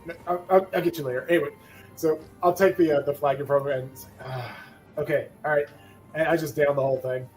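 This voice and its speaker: A man's voice: a little high, steady tone, quick pace, a little mellow. Playful man in a tabletop game. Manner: hesitant, filler-heavy, playful. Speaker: player. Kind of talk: tabletop game role-play. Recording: faint music behind.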